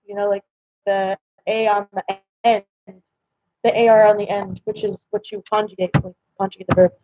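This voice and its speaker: A woman's voice: mid-range voice, flat delivery, normal speed, dark tone, slight background noise. A young woman chatting casually with her viewers on a live stream from home, rambling with lots of fillers. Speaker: livestream host. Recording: slightly dull lo-fi stream audio.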